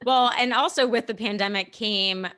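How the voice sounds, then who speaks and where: Bubbly woman co-host, bright tone, chatty remote call. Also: a little high, normal speed. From Las Vegas. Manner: bubbly, animated storyteller with frequent "like". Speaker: podcast co-host. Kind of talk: casual chat.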